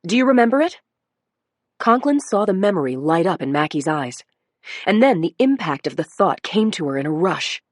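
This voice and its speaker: Lively woman narrating a thriller audiobook. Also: deep voice, moderate pace, no room sound, clean studio sound. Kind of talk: scripted narration.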